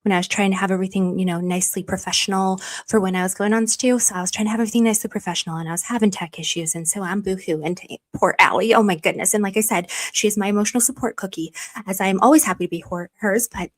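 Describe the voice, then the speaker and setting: A woman's voice: medium pitch, steady tone, fast. A woman hosting a casual livestream, talking straight to her viewers, reading their comments aloud and getting gushing and emotional when they thank her. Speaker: livestream host. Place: warm room at home.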